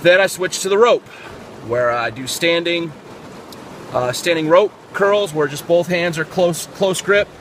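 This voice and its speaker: A man in a casual fitness vlog walks through his workout step by step, his voice sitting a little high, often stopping to fill a gap or restart a phrase. He is outdoors in an urban spot with vehicles passing behind him, picked up by the camera mic. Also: unhurried, a bit bright, slight background noise. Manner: explains step by step with frequent fillers and restarts. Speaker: fitness vlogger.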